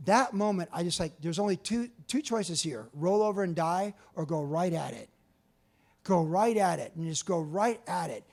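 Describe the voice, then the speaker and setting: Older man in his 60s with a high voice, giving an animated storytelling talk to an audience. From California. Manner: animated, acts out other people's lines. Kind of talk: storytelling presentation. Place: museum talk before an audience.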